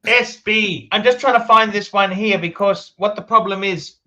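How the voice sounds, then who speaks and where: A man hosting a relaxed livestream, with a high voice. His tone is very bright and ringing, and he swears freely and gushes with enthusiasm. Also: moderate pace, muffled recording. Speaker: livestream host. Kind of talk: casual livestream chat.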